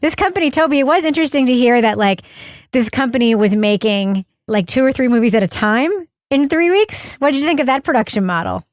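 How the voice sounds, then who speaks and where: Bright-pitched woman co-host, animated, dry close mic. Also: a little fast, no room sound. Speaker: podcast co-host. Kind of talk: casual podcast chat.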